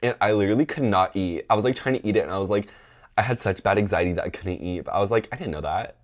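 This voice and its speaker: A young man telling a story in a casual chat, sassy and dramatic, laughing often and full of fillers. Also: rapid-fire. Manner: animated, laughing, mimics others in high-pitched voices. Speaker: podcast host telling a story.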